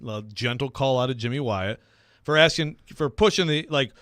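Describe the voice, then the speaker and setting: A man hosting a sports talk radio show, rambling and self-deprecating, quick to laugh. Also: medium pitch, a bit bright, smooth, no room sound, clean studio sound.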